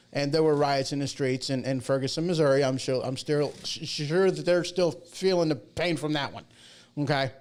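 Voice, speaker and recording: A man's voice: fairly high pitch, darkish tone. A man hosting a casual livestream talk show, chatty and folksy, rambling through asides and jokes. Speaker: show host.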